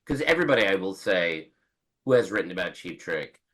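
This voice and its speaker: A man's voice: deep voice, sing-song, a little fast, a bit bright, poor audio. A man in his forties, a book's author, chatting as a guest on a podcast in a rambling way with many restarts and quoted asides. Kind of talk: casual podcast interview.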